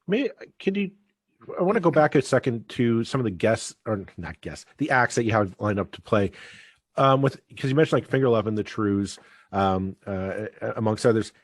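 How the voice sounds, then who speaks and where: A man's voice: on the low side, lively intonation, normal speed, dry recording, studio quality. A man hosting a podcast, asking long, rambling questions with many restarts. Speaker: podcast host. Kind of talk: casual podcast interview.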